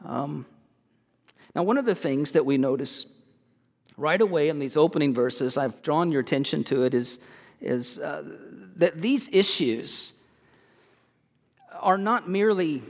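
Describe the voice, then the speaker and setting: Man, pastor, sermon, earnest, stumbling repeats, high-pitched, reverberant church hall. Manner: earnest, halting with many repeated words.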